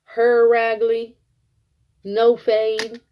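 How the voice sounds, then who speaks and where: A woman giving a casual tarot reading, blunt and profane, telling it like an animated story. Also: on the high side, very slow, highs cut off, a little hiss or hum. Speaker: tarot reader.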